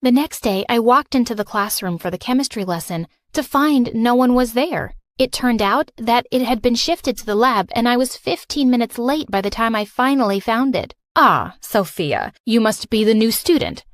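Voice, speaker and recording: Woman narrator, lively first-person storyteller, fairly high voice, dry studio sound. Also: moderate pace, hardly any pauses, dry recording. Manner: expressive, exasperated storytelling.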